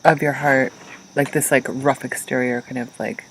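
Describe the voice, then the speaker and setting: A podcast co-host with a gravelly, creaky voice joins a casual chat. This co-host speaks with warm enthusiasm and gushes over favorite plants. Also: medium pitch, level tone, moderate pace, slight background noise, rough recording. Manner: enthusiastic, gushing about plants.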